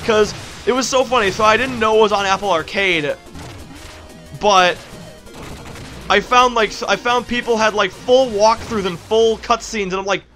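A man giving casual gameplay commentary as a let's play host, excitable and laughing often, breaking off mid-sentence. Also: high-pitched, normal speed, faint music behind.

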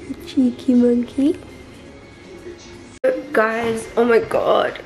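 A woman's voice: fairly high pitch, a little slow, darkish tone. A young woman of 21, gushing happily through a casual birthday vlog at home. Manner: bubbly and gushing. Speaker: vlogger.

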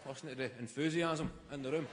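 A man's voice: on the high side, fairly even intonation, fast talker. A Scottish man performing stand-up comedy on a large theatre stage, wry and punchy as he tells stories. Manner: wry, storytelling, punchy delivery. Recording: echoey hall, heavy noise.

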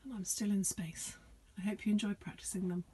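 A woman teaching young children in a slow, encouraging way that often drops to a whisper. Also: medium pitch, fairly even intonation, mellow, husky. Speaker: primary school teacher.

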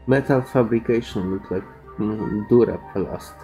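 A man's voice: on the low side, a little slow, dark tone, faint music behind, rough recording. A man who is not a native English speaker, reading game dialogue and text aloud in a hesitant way, with fillers and restarts.

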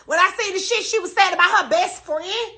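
This woman's very high-pitched voice is brisk, bright and forceful while she rants on a livestream, cursing plenty and repeating her denials emphatically.

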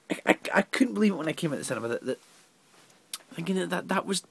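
A man's voice: on the high side, sing-song, fast talker, gravelly, fairly bright tone, breathy edge. A man giving an exasperated, rambling film review full of stammered restarts. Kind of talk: casual video review.

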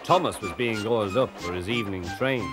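A man narrating a children's storybook in an unhurried, expressive way. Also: fairly low pitch, over music.

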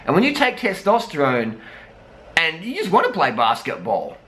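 A man's voice: medium pitch, huge pitch swings, normal speed, pushed and bright. A man, a cycling vlogger, ranting bluntly with heavy swearing. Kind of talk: profane ranting commentary.

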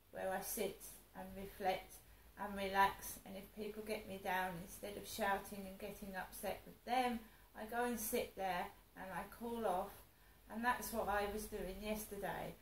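A woman's voice: medium pitch, fairly even intonation, normal speed, hardly any pauses, reverberant, slight background noise, poor audio. A woman telling a rambling personal story, upset and venting, with frequent restarts. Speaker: vlogger.

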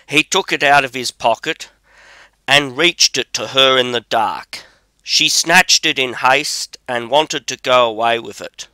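A man narrating a classic fairy tale as an audiobook, in a measured, unhurried way. His voice is bright and smooth, and the recording is dry and close. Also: mid-range voice, no echo.

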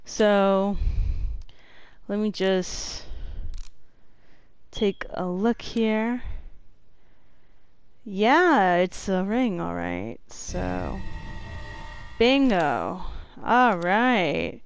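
A woman narrating a horror game as she plays, swearing a lot and moving from flat muttering to panicked yelps. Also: mid-range voice, drawn-out words, pauses often, clean tone, no room sound. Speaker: gamer. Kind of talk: let's play commentary.

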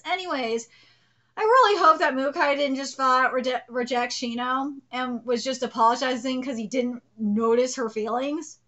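A woman streaming a live manga reaction, excitable and profane, shrieking at twists and talking to her cat. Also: a little high.

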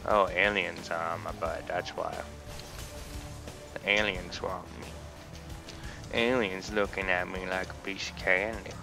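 Young male let's-player, unhurried, gravelly, goofy trash talk. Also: sits low, fairly even intonation. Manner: goofy, playful trash talk to game characters. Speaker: let's play gamer. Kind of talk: casual gameplay commentary. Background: game music and gunfire.

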